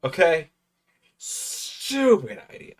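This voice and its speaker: A man's voice: fairly high pitch, huge pitch swings, slow pace. A tipsy man hosting a live watch-along stream, rambling and swearing a lot as he comments. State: tipsy from drinking. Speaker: stream host.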